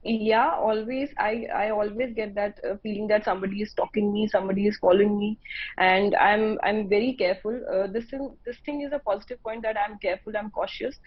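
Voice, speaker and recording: A young woman guest speaking in a quiet, hesitant, halting way over a remote link. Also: mid-range voice, steady tone, husky, dry recording. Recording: dry, muffled remote link.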